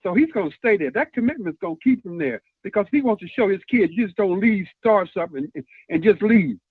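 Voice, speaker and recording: A man calls in with an earnest, halting argument, pausing often on "uh". His voice sits fairly high for a man. It comes through a thin, tinny phone line with a dry sound. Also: animated, breathy edge, no room sound. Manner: earnest, halting, many "uh" pauses. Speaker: caller. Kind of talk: earnest call-in commentary.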